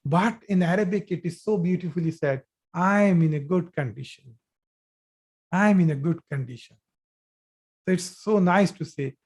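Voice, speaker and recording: A man's voice: high-pitched, moderate pace, pauses often, darkish tone. A man teaching Arabic grammar in a live online class, patient and repetitive, with many fillers and restarts, speaking into a computer mic on a video call.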